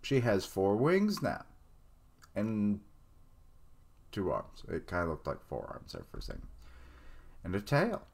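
A man's voice: on the low side, huge pitch swings, unhurried, vocal fry, pauses often, husky. A man giving casual live reaction commentary on an anime, blurting out surprised remarks and swearing casually. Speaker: reaction streamer.

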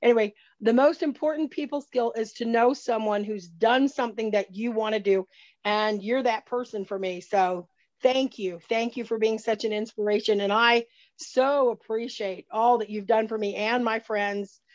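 A woman's voice: a little high, moderate pace, dry recording, muffled recording. A woman from North Carolina with a Southern accent, calling in to give heartfelt thanks. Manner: gushing and heartfelt. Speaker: caller. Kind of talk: call-in thanks.

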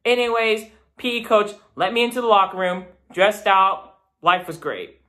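A young man chatting to camera in a casual vlog, animated and self-deprecating. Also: high voice, normal speed. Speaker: YouTuber.

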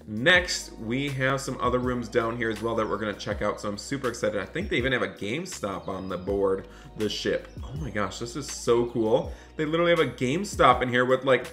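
Bright-voiced excitable man. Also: medium pitch. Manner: excitable, often scolds his son. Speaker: YouTuber playing a dad in a roleplay. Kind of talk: animated game roleplay commentary.

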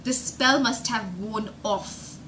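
Bright-voiced woman from india reading a kids story, animated and playful, slight hiss in the background. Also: on the high side, slow pace. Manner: expressive, explains words with synonyms, acts out sounds. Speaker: storyteller and English teacher.

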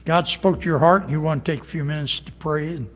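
A man's voice: on the high side, a little fast. A man preaching an evening worship sermon as pastor, with folksy, homespun storytelling and earnest emphasis, ending in prayer. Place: church sanctuary. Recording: long reverb of a large hall.

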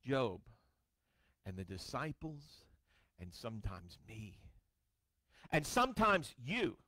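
A male pastor preaching a sermon, reading scripture dramatically with wry storytelling asides, his voice swinging from booming to hushed. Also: huge pitch swings, takes it slowly, no echo. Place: church sanctuary.

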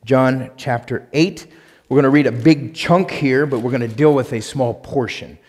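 A male pastor preaching a sermon and reading scripture aloud, emphatic, swinging between loud punched lines and quiet asides. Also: mid-range voice, moderate pace, in a large hall. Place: church sanctuary.

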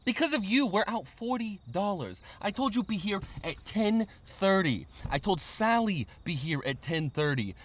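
A man's voice: high-pitched, big pitch swings, moderate pace, few pauses. A young man playing a paranoid, bossy small-time dealer in a comedy sketch, with a put-on New York accent and a profane way of talking. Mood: irritated. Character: paranoid young male dealer with a fake Long Island accent.

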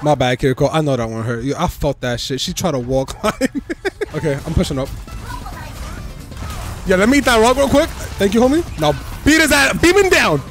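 A young man giving excitable, trash-talking commentary while playing a shooter game, repeating himself as he plays. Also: a little high, fairly quick, pauses often, faint music behind. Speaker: gaming streamer. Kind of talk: live gameplay commentary.

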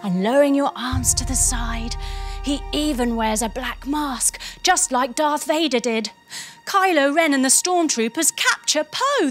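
A woman tells a story while she guides children through yoga poses. Her voice sits high and leaps around with playful expression. She stays encouraging and talks them through each move, with soft music behind her. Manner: lively and encouraging, guiding moves step by step. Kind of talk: storytelling yoga lesson for kids.

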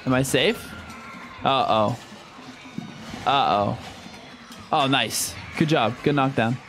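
A man's voice: mid-range voice, takes it slowly, fairly bright tone, faint music behind. A young man commenting live on a horror game he is playing, swearing often and reacting in sudden outbursts. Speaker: streamer.

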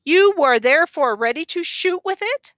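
Grave, probing judge, read by a woman; stern measured questions, bright high delivery. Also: lively intonation, no room sound.

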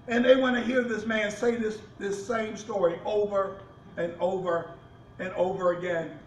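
A man's voice: high-pitched, flat delivery, normal speed, reverberant, distant mic, a little hiss or hum, low-quality recording. A man, a pastor, preaching a sermon with rising fervor and repeated restarts.

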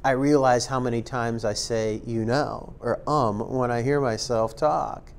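This man has a medium-pitched voice with fairly even intonation, speaking a little slowly with some vocal fry, and there's a slight hiss or hum in the audio. He's an instructor walking through a casual screen-recorded tutorial, filling it with ums and likes and making joking asides about himself.

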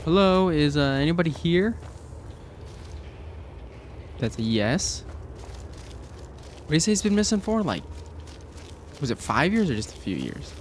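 Over game music, a man with a fairly high, very animated voice does let's play commentary. He's unhurried and pauses often, and there's a slight hiss or hum. He jokes around and talks back to the characters on screen.

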